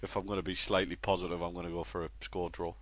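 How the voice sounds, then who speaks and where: A man's voice: low-pitched, flat delivery, quick pace. A man co-hosting a casual football podcast, talking bluntly with wry complaints. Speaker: podcast co-host.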